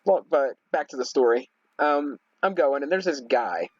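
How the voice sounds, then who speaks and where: A man's voice: medium pitch, lively intonation, normal speed, dry recording, dull audio. A young man rambling casually through a story while playing a game, with lots of fillers and restarts. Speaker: gaming video host. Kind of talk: casual storytelling over gameplay.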